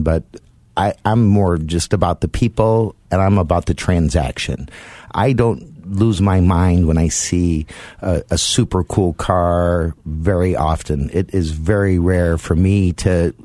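Deep, mellow-voiced radio co-host. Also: male voice, no echo. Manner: easygoing, reflective, plays off his co-host. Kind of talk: casual radio chat.

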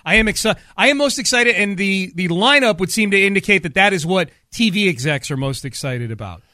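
An upbeat, chatty man hosting sports radio, his voice high and bright. The sound is dry and close, with nothing of the room around it. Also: expressive, brisk, dry recording. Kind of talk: casual sports chat.

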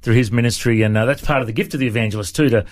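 A man's voice: mid-range voice, rapid-fire. A man hosting a radio interview, playfully teasing his guest. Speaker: radio host.

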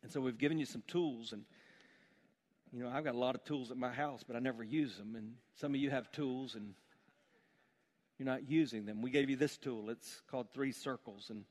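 A man's voice: medium pitch, fairly quick, darkish tone. A man preaching a sermon to a church gathering, emphatic and building to fervent pleas. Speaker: pastor.

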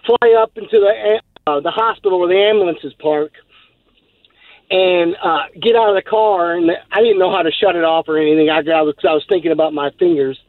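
A male caller from Texas tells a long, rambling story on a radio show, laughing and using many fillers. His voice is high-pitched with a steady tone, and he speaks a little fast. It comes through a tinny, dry phone line.

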